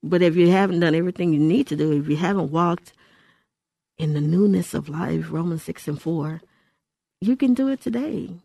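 A woman's voice: sits low, steady tone, brisk, gravelly, dark tone, dry recording. An older woman from Houston hosting a Christian radio show, exhorting listeners in an emphatic voice that repeats phrases for emphasis. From Houston, Texas. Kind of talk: radio ministry talk. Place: radio studio.

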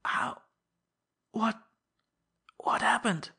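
A woman's voice: medium pitch, slow, pitched above the performer's own voice, exaggerated voice. A woman voicing a frail, frightened old man who stammers and whispers. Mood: fearful. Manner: quavering, stammering, breathy whispers.

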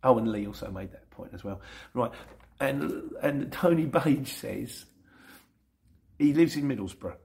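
A middle-aged man with a London accent talks through viewer questions on his channel. His voice sits in a mid range with a gravelly, creaky texture. He rambles along in a chatty, self-mocking way. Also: mid-range voice, a little slow, long pauses, a little mellow. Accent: London English. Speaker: YouTube channel host. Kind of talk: casual Sunday Q&A reading viewer comments.

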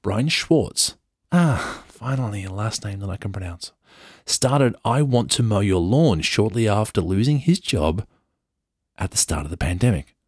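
Deep husky english guy reading good news, jokey asides, dry mic. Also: animated, unhurried, a little mellow, dry recording. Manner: chatty, playful, jokey. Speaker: podcast host.

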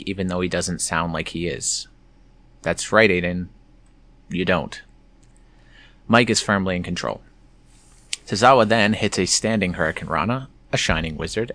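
A man's voice: sits low, normal speed, fairly bright tone. A man hosting a casual play-by-play recap of a wrestling show, slipping in wry, sarcastic asides.

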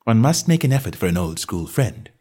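A man reading a comic novel aloud in the first person. His delivery is jaunty and wry, and he swings his pitch widely. The voice has a husky edge. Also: sing-song, fairly quick, warm tone. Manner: jaunty, wry storytelling with varied character voices. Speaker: audiobook narrator.

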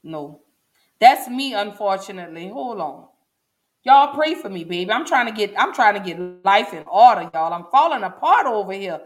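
A woman's voice: medium pitch, lively intonation, moderate pace. Woman, 40s, livestream host, chatty and emotional, addresses viewers directly. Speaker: show host. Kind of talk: casual livestream talk.

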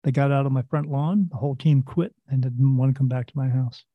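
A man's voice: medium pitch, steady tone, fairly quick, no echo. A man, a host and medium, telling a casual story in a rambling way and acting out what others said. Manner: rambling, acts out quoted voices. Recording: dull, dry lo-fi recording.

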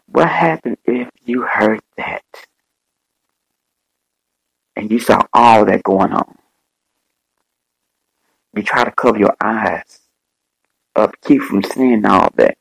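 A man preaching a fervent sermon as bishop and podcast host, repeating his phrases in slow, drawn-out, dramatic delivery. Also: fairly low pitch, creaky, slightly rough, dry recording, rough recording.

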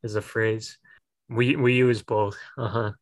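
A woman's voice: very deep voice, level tone, a little slow, no room sound. A woman English teacher hosting a casual chat about sayings, asking questions and laughing often. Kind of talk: casual conversational lesson.

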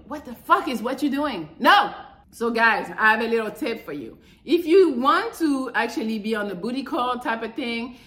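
A woman hosting a podcast, giving blunt, profane dating advice in a casual, animated monologue. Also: fairly high pitch. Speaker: podcast host. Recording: echoey room.

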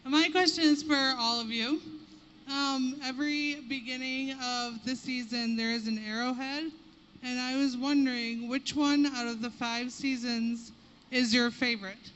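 A man in the audience asking a question in a nervous, halting way. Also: very high voice, fairly even intonation, a bit bright, slight background noise. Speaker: audience member. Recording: slightly dull sound in a big hall.

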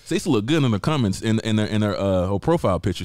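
A man co-hosting a podcast, talking loud and profane with a lively, bouncing pitch and plenty of jokes. His voice sounds close and dry on a studio mic, with no room sound around it. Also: fast, few pauses, no room sound. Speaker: podcast co-host. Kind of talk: casual chat.

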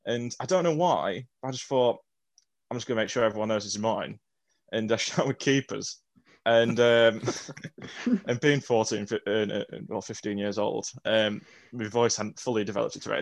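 A man's voice: lowish voice, fairly quick, no room sound. A man co-hosting a podcast, telling a story in a casual, hesitant, self-deprecating way with many fillers. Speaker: podcast co-host.

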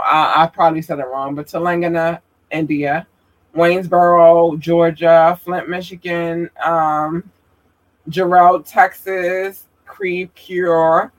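A man reading out viewers' hometowns one by one, halting with fillers and apologizing for mispronouncing names. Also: high-pitched, a bit bright, rough recording. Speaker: streamer giving shout-outs.

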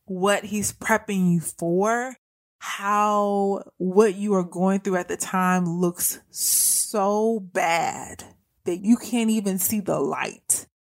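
A woman's voice: mid-range voice, slow pace. A young adult woman hosting a faith-based podcast, talking earnestly and conversationally to her listeners. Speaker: podcast host.

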